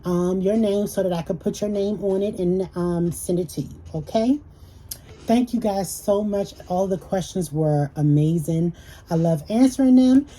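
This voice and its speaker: Her voice is fairly low-pitched and dark in tone, captured in a low-quality recording with a little hiss or hum. She's a young woman YouTuber telling stories in a chatty, casual Q&A vlog, addressing viewers as y'all.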